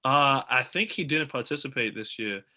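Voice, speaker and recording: Bright-voiced young athlete talking shop eagerly. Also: male voice, mid-range voice, moderate pace. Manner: animated, eager sports talk. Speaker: guest athlete. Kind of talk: casual interview over video call. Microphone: video call.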